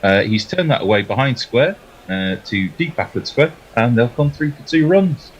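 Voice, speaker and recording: A man giving relaxed ball-by-ball cricket commentary, chatty and laughing between deliveries. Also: medium pitch, moderate pace, slight background noise, low-quality recording.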